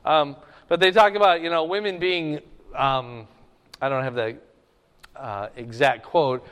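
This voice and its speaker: A man with a notably high voice gives a Bible class, pausing often to ask "okay?" to keep his students with him. His voice carries a long reverb of a large hall. He talks in the manner of a teacher walking through his notes. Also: steady tone, fairly bright tone, clear, resonant tone. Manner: often checks in with a questioning "okay?".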